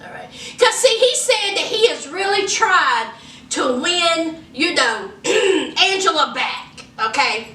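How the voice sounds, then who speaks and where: A woman recapping a reality show in sassy, animated casual commentary, acting out what the cast said. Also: very high voice, slow pace, slight background noise. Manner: sassy, animated, acts out quotes. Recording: echoey room, from far off.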